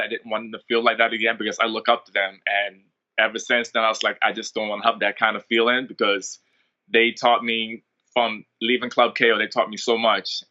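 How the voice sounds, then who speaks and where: A young man from the Bahamas talks loosely through his fight story, full of fillers. His voice sits a bit low yet comes out very bright and sharp. The recording is dull and lo-fi. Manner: relaxed, rambling, many ums and likes. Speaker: MMA fighter, interview guest. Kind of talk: casual interview storytelling.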